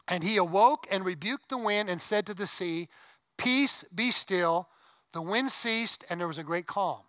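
A man's voice: sits high, sharp tone, no room sound, rough recording. A middle-aged man preaching a sermon as pastor, conversational, with asides and rising emphasis. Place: church sanctuary.

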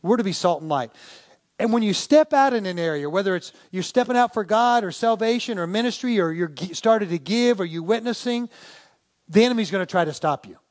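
A high-voiced pastor preaches a sermon to his congregation at a brisk pace. His style is folksy and animated, full of stories and rhetorical questions.

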